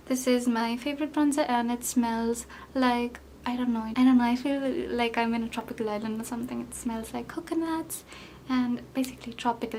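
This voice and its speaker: A woman's voice: on the high side, slight background noise. A young woman vlogger talking through her makeup routine in a rambling, chatty way, full of fillers and self-deprecating asides. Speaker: beauty vlogger. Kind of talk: chatty get-ready-with-me makeup talk.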